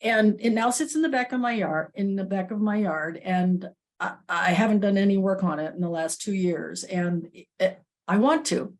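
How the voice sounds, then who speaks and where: Woman, emotional personal sharing, halting, tearful, average pitch. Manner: halting, tearful, with frequent restarts and nervous laughs. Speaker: workshop participant.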